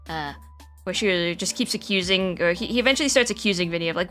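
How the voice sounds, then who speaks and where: A woman chats casually on her live stream, rambling through an idea with frequent giggles and stumbles. Her voice sits at a medium pitch. Soft music plays behind her. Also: slow pace, pauses often. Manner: rambling, giggly, many restarts.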